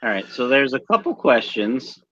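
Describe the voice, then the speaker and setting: A man hosting a live stream chat, lively and easily flustered by technical trouble. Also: mid-range voice, normal speed, muffled recording. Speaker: stream host. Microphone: video call.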